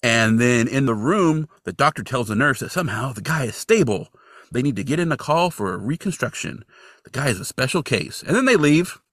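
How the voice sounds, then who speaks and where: A man on a podcast recaps a TV episode, his pitch swinging widely as he jokes and mocks what the characters do. The voice is mid-pitched and sits close and dry on the mic. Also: brisk, dry recording. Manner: animated and wry, jokes and mocks the characters while narrating.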